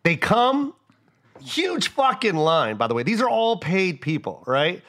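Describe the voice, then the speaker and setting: Man, comedian, casual chat, swears a lot, lively swooping pitch, a bit high. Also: measured pace. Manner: profane, animated storytelling with acted-out quotes. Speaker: comedian, podcast co-host.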